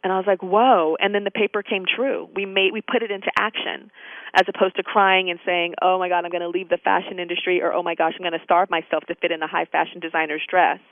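A woman's voice: on the low side, quick pace, no echo. Woman telling stories over a tinny phone line. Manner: lively, acts out quoted dialogue. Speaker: interview guest. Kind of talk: casual storytelling interview.

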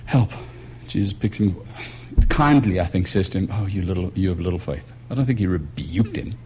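A man preaching a sermon in a conversational way, moving between quiet musing and raised emphasis. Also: low voice, lively intonation, normal speed, a little hiss or hum. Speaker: pastor.

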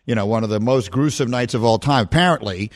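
A man hosting a sports radio show, chatty and quick to laugh as he asks his guest questions. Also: mid-range voice.

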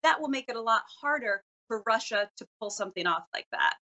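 Bright-voiced woman news reporter. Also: fairly high pitch, expressive. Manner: articulate, brisk, self-correcting. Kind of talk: news interview answers.

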